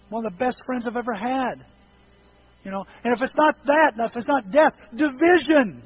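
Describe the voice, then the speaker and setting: A high-voiced middle-aged man preaching a sermon, telling animated stories and joking about himself. His voice swings up into sharp peaks when he makes a point. The recording is dull and carries a faint hiss. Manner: animated storytelling, self-deprecating humor. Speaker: pastor. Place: church sanctuary.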